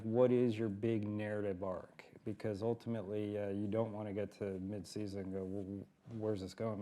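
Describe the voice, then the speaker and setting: A man's voice: on the low side, mellow. A man on a writers' panel giving practical advice in a hesitant way, full of fillers. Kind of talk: panel discussion answers.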